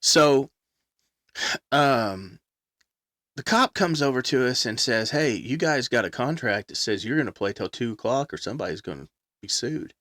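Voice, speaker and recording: Animated man telling a wild story. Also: medium pitch, normal speed, no room sound, clean studio sound. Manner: animated storyteller, belts out sung quotes. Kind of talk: casual storytelling chat.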